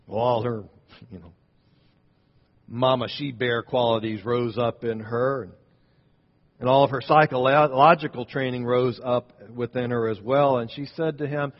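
A man preaching a sermon, telling a story as he builds to loud points and drops to quiet ones. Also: medium pitch, fairly even intonation, a little slow. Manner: storytelling, rising and falling in volume. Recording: dull sound in a reverberant hall.

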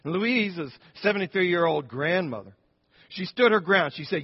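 Higher-voiced man preaching in a reverberant hall. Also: expressive, normal speed, husky. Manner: conversational, with frequent restarts and asides. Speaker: pastor. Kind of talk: sermon storytelling. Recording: dull sound with long church reverb.

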